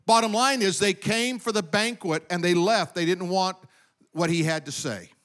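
A man's voice: high voice, normal speed, a bit bright. A man preaching a sermon to his congregation, emphatic and calling for amens. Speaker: pastor. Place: church sanctuary with congregation.

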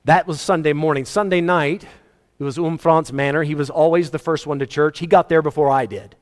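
Emphatic preacher in a reverberant church. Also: male voice, fairly even intonation, fairly quick. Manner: emphatic preaching with wide swings in pitch and loudness. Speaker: pastor. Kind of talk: sermon.

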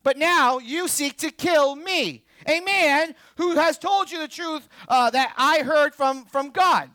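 Man pastor in his thirties, bright voice, playful storyteller preaching. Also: very high-pitched, slow pace, dry recording. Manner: animated storytelling with quips and laughs. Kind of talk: sermon.

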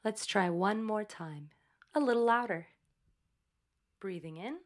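A woman leads a breathing and voice exercise, taking her time between each instruction. Her voice sits at a middle pitch and stays calm and coaching throughout. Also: a little slow.

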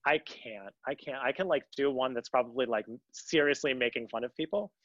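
A man's voice: medium pitch, a little fast, a bit bright, no room sound, dull audio. A young man talking about his time abroad in an interview, earnest and rambling, often restarting his sentences. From United States. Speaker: guest. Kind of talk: conversational interview.

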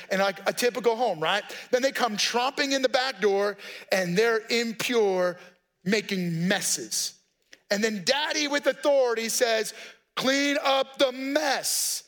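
A man's voice: sits high, moderate pace, fairly bright tone. A man, a pastor, preaching a conversational sermon with folksy asides and direct appeals to the congregation.

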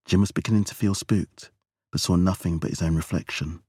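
Male narrator for audiobook, very low voice, dry close recording. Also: steady tone, brisk, mellow, slightly rough, no echo.

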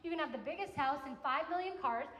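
A young adult woman preaching a sermon to a campus ministry gathering, in a conversational, animated way that acts out little quotes. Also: high-pitched, fast talker. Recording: echoey hall with long reverb.

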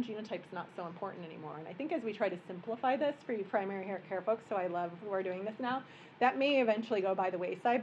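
A woman, a physician giving a relaxed, joking medical workshop lecture in a conference room. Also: on the high side, muffled recording, a little hiss or hum. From American Midwest. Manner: conversational and joking, explaining plainly.

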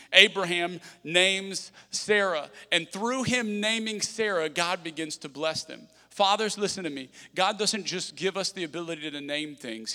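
Male pastor, fairly high, forceful tone; lively sermon with joking asides, big reverberant hall. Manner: energetic, conversational with humorous asides. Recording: long reverb of a large hall.

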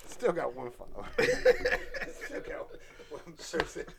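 A man's voice: a little high, unhurried, gravelly, very noisy. A man in his forties, a guest comedian, telling stories in a casual, laughing way on a talk show. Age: 40s. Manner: animated, laughing, lively storyteller.

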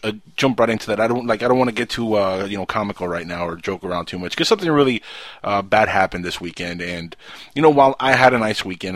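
A man's voice: lowish voice, a bit bright, no room sound. A man hosting a live talk radio show, speaking casually with many fillers and restarts.

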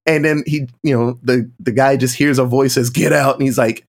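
A man in casual movie-podcast chat, telling stories with lively quoted voices. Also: medium pitch, moderate pace. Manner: animated storytelling, acting out quotes in shifting voices. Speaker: podcast co-host or guest.

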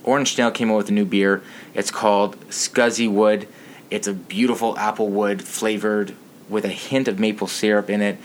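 A man's voice: lowish voice, steady tone, moderate pace, slight background noise. A man ranting about sports to his channel's viewers, outraged, profane and a little tipsy.

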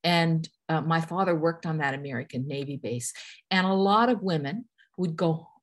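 A woman's voice: low-pitched, normal speed. Reflective woman with a Newfoundland accent. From Newfoundland, Canada. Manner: reflective, earnest, many fillers and restarts. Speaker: guest. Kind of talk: casual conversational interview.

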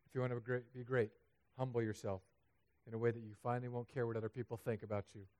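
Animated, joking male pastor. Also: mid-range voice, fast. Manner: animated and humorous, building to loud emphatic peaks. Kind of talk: sermon. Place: church sanctuary.

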